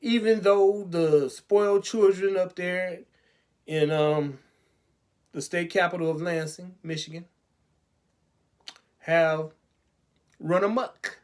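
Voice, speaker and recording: A man's voice: high voice, steady tone, takes it slowly, pauses often, a little mellow. A man hosting a web talk show, speaking in a sarcastic, preachy way that is full of rhetorical questions.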